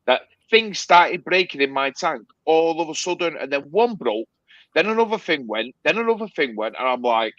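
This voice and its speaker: A man's voice: fairly high pitch, lively intonation, moderate pace, a bit bright, no room sound. Emphatic man on a dull, dry line. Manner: emphatic, repeats himself, says "mate" a lot. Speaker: co-host. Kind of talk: casual live-stream chat.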